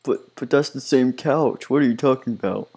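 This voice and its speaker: A man's voice: mid-range voice, normal speed, gravelly, darkish tone, husky. A man voicing a bumbling male cartoon studio boss who stammers and gets flustered, in a goofy game machinima.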